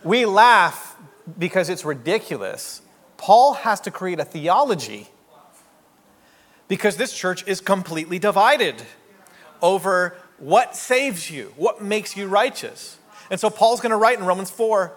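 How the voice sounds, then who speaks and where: Brief: male pastor, slightly high voice, wry and chatty, big reverberant church sound. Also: expressive, measured pace, fairly bright tone. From Canada. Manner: joking, conversational, rhetorical asides. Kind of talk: sermon.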